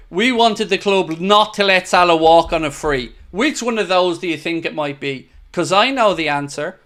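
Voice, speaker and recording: A man hosting a live football watchalong, excitable and blunt, swearing freely as he talks. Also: high-pitched. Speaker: host of a fan watchalong.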